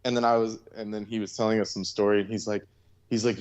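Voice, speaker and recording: A young man telling a story in a relaxed, slangy way, laughing and leaning on "like" a lot. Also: on the low side, fast talker. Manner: laid-back, laughing, slangy, many "like" fillers. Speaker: co-host. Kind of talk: casual storytelling. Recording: muffled lo-fi sound.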